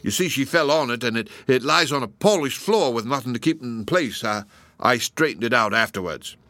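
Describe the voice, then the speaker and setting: A man's voice: medium pitch, expressive, a little fast, pushed and bright, dry recording. A man voicing a nervous, apologetic police constable who stammers and defers to his superiors.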